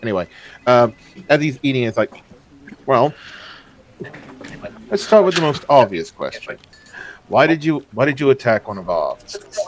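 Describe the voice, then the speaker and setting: A man's voice: medium pitch, very animated, normal speed, pauses often, a little hiss or hum, poor audio. A man playing a tabletop role-playing game, chatting with lots of fillers and narrating what his officer does. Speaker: player.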